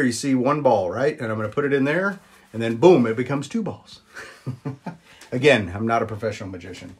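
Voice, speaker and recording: A man chatting casually on a live stream, greeting viewers and filling pauses with ums as he shows old magic props. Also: a little mellow. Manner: chatty, greets viewers, jumps up high on exclamations; frequent ums and uhs. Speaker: vlogger showing magic props.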